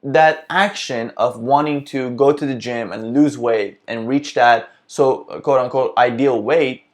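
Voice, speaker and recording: A man's voice: mid-range voice, steady tone, a little slow. A man hosting a casual self-help vlog, talking earnestly and reflectively, often restarting his sentences as he thinks aloud. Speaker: vlog host.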